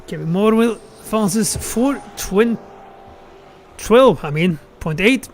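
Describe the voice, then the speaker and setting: Man, racing stream commentator, casual, self-correcting, talks through lap times aloud, slightly high voice. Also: animated, slow, slight background noise. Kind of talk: live racing game commentary.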